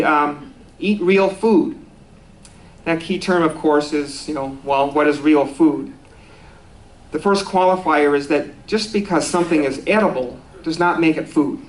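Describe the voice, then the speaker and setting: At a spiritual center, a man with a slightly high voice delivers a conversational sermon, easygoing and self-deprecating, with restarts and small laughs. The recording is rough.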